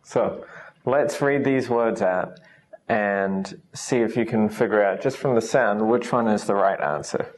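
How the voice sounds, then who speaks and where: A man teaching English pronunciation in a recorded lesson, saying each sound slowly and patiently. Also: fairly low pitch.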